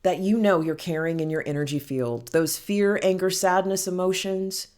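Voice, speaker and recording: A woman giving a heartfelt self-help talk as a healing coach, speaking gently and soothingly and calling the listener honey. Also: fairly low pitch, normal speed. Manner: affectionate, calls listener honey and girl.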